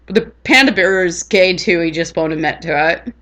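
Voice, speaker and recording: A woman's voice: on the low side, brisk, fairly bright tone. A woman rambling in casual chat on her vlog, laughing often. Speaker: vlogger.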